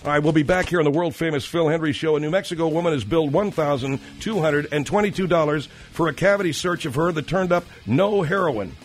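Male talk radio host, middle-aged, brash and irritable with a slightly high voice. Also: fast, few pauses.

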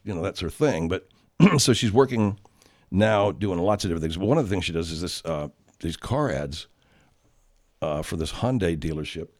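A male radio show host in casual, profane chat who rambles and laughs easily. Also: low voice.

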